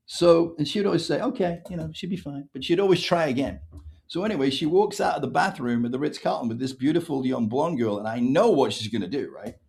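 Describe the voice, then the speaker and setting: A man's voice: fairly high pitch, brisk, gravelly. A man from England with an English accent, telling a story as a podcast guest and acting out the dialogue. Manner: animated storyteller, acts out quoted dialogue. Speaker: author guest.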